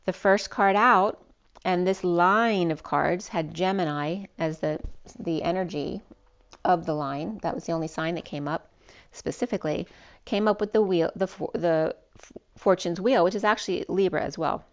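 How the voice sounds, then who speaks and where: A woman's voice: on the low side, moderate pace, dull audio. A woman giving a spiritual tarot reading as the channel's host. She talks in a rambling way and often restarts her words. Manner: rambling, with frequent restarts and ums. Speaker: tarot reader.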